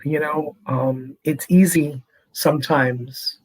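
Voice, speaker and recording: Casting note: middle-aged man, priest, husky, slightly high voice, sincere and reflective. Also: steady tone, slow, rough recording. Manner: earnest, reflective, speaks in short phrases. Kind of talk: conversational interview.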